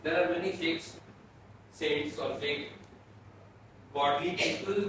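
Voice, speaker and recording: Lecturer, male, from Bhutan; slow, repetitive explanations, distant mic in an echoey classroom. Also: fairly high pitch. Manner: explains slowly, repeating and restarting phrases. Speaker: philosophy lecturer. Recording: echoey room, mic far off, faint noise.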